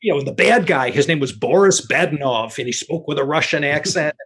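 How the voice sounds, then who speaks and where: Chatty older American man, higher voice. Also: brisk, a bit bright, husky. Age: 60s. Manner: rambling, many restarts and fillers. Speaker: guest expert. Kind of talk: casual conversational interview.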